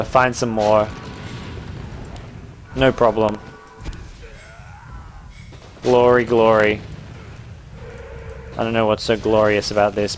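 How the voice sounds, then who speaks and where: Excitable young English man calling a game. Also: a little hiss or hum. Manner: excitable, jokey play-by-play with sudden rises in pitch. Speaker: game commentator. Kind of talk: live esports commentary.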